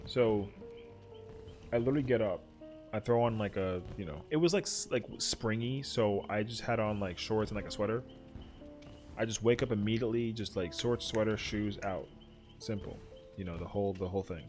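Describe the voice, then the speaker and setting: A young man chats while he plays a game, his talk loose and wandering and thick with "like". His voice sits a little low. Soft music plays faintly under him. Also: normal speed. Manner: rambling, full of "like" fillers. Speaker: streamer. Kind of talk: casual chat while gaming.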